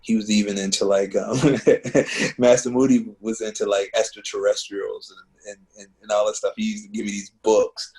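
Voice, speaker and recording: A man's voice: on the low side, flat delivery, moderate pace, a little mellow, poor audio. A man, a musician and teacher, telling earnest, heartfelt stories in a conversational interview, with lots of "man" and "you know". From Baltimore. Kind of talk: reflective conversational storytelling. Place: home living room.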